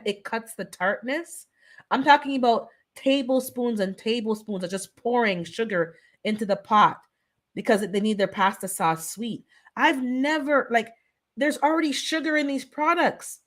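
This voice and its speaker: A woman of Jamaican descent hosts a casual live-stream chat. Her delivery is earnest and pleading, and she repeats herself to drive points home. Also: on the high side. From Caribbean, of Jamaican descent. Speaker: host of a live wellness chat.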